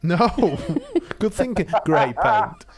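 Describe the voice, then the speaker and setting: A man with a fairly high speaking voice runs a playful quiz on a casual podcast. He teases his guests and hurries them along in a brisk, relaxed way. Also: breathy edge. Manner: teasing quizmaster, brisk. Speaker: podcast host running a quiz. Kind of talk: casual chat.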